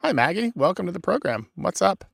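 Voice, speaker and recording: A man hosting a radio show about language, friendly and quick to laugh as he takes calls. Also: high-pitched, big pitch swings, creaky, husky, no echo, studio quality. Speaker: radio host. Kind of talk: casual radio chat. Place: radio studio. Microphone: studio mic.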